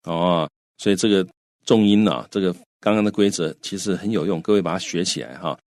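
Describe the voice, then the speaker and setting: A man's voice: deep voice, fairly quick, darkish tone, no room sound, clean studio sound. A man co-hosting a radio English lesson, recapping each point in Mandarin for the listeners. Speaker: co-host.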